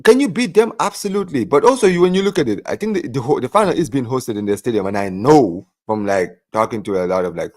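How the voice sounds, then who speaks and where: A man's voice: medium pitch, lively intonation, quick pace, few pauses, a little mellow, no room sound. Guy on a football podcast, chatty, keeps saying right, dry close recording. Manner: chatty, keeps checking in with the listener. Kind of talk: casual football chat.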